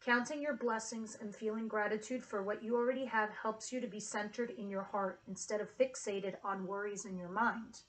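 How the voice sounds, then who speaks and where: A woman's voice: mid-range voice, steady tone, moderate pace, hardly any pauses, poor audio. A woman giving a casual tarot reading to camera, earnest and emotional, with casual swearing. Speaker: tarot reader.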